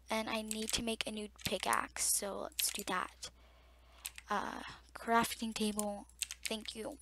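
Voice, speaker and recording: Young woman, casual game commentary, chatty with viewers, high pitch, home recording with audible background noise and keyboard. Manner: chatty, easily startled, talks to viewers. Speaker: gamer. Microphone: desktop mic near loud keyboard.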